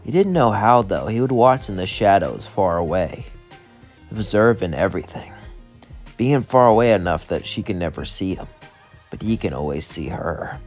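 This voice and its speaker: A man's voice: low-pitched, animated, normal speed, darkish tone, soft background music. A man narrating a fan-made what-if story in a casual, rambling way, stringing clauses loosely together.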